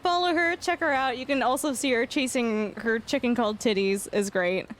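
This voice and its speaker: A young woman chatting casually on a live stream, telling an embarrassing story with lots of laughter and sudden high squeals. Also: moderate pace, slight background noise. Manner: animated storytelling, frequent laughter, rising squeals. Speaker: livestreamer.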